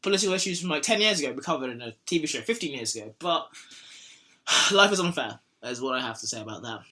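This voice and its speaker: A man's voice: medium pitch, expressive, fast, bright, forceful tone. A young man hosting a casual podcast, rambling and joking, now and then sliding into silly put-on voices. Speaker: podcast host.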